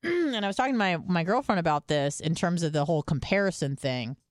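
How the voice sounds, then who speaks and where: A woman co-hosting a talk podcast, rambling through stories in relaxed, unfiltered chat with plenty of swearing. Her voice sits a little low for a woman, and the recording is close and dry. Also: fast, dry recording. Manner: chatty storytelling, swears freely. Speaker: podcast co-host. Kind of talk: casual chat.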